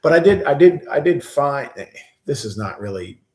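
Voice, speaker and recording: A man's voice: medium pitch, very animated, moderate pace, a little mellow. A man appearing as a guest on a casual live stream, talking hesitantly with many restarts and agreeing easily. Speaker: guest, co-worker of the host. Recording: roomy echo.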